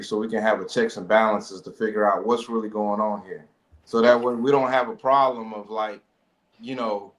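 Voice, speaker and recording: A man on a podcast, reasoning through a problem in a measured way, recorded with a roomy echo. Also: medium pitch, fairly bright tone. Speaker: podcast panelist. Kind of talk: casual podcast chat.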